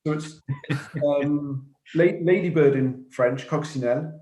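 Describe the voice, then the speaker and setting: A man's voice: on the high side, a little slow, dark tone. Trivia-sharing man in an echoey room. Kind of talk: casual video-call chat.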